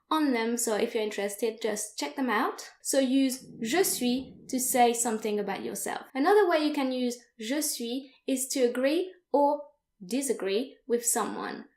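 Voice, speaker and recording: Young woman, language teacher, higher voice, slow careful delivery, echoey room. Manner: slow, careful, repeats phrases for learners. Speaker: French teacher. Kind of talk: online language lesson.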